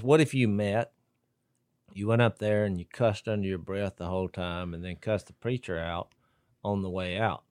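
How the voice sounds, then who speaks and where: A man's voice: lowish voice, dry recording, clean studio sound. A man co-hosting a podcast, chatting casually, joking and laughing as he makes his points. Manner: joking, animated, laughs often. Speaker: podcast co-host. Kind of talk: casual chat.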